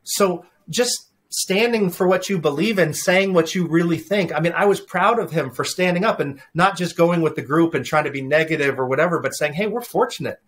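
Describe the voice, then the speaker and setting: Man, middle-aged, slightly high voice, animated anecdotes, interview guest, frequent restarts. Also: a little fast, few pauses. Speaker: guest, leadership speaker. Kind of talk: conversational interview storytelling.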